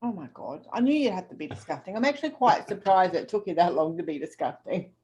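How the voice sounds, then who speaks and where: A woman's voice: lowish voice, big pitch swings, quick pace, mellow. A middle-aged Australian woman co-hosting a podcast, chatting bluntly and swearing freely. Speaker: podcast co-host. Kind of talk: casual chat.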